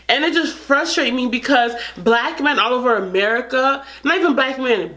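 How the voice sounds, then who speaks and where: A woman's voice: medium pitch, a bit bright. Woman vlogger, mid-range voice, casual earnest storyteller, frequent restarts. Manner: earnest, frustrated, restarts sentences often.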